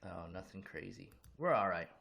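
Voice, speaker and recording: A man's voice: low-pitched, lively intonation, moderate pace, vocal fry, bright, forceful tone. A man live streaming, chatting offhandedly to viewers while gaming. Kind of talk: casual live-stream chat.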